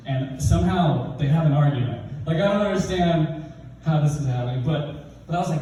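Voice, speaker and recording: Young male stand-up comic, lively swooping delivery, mellow tone, heard from a distance in a roomy hall with faint ambience. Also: brisk, a little hiss or hum. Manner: animated, jumps into high and low voices for quoted characters. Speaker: stand-up comedian. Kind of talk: stand-up storytelling.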